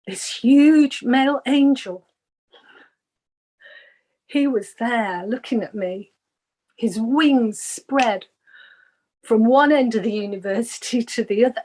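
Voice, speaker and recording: A woman, a guest on an interview show, earnestly telling a personal spiritual story and acting out the voices she quotes. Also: fairly high pitch.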